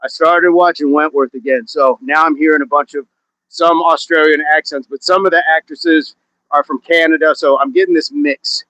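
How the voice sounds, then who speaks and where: Joking man, slightly high voice. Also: fairly even intonation, moderate pace, pushed and bright, no room sound. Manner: joking, chatty, laughs often. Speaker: fitness livestream host. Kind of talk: casual livestream chat reading viewer comments. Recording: dull, dry, lo-fi sound.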